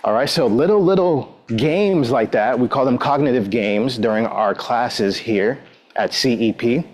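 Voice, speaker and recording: A man's voice: medium pitch, measured pace, darkish tone. Man leading an encouraging workout class. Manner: upbeat, encouraging, counts down and cues moves; frequent "all right" between instructions. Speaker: exercise instructor.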